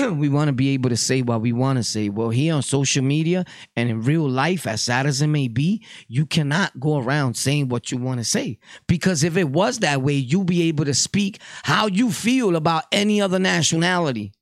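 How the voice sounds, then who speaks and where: A Puerto Rican podcast host delivers a casual monologue in blunt, profane street talk. His pitch is fairly high, his speed normal, and he barely pauses; the studio-quality recording has no echo.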